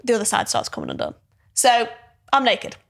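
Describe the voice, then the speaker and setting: A woman in her twenties telling embarrassing stories in a casual chat, lively and self-mocking, often laughing. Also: a little high, fairly quick. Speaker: podcast host.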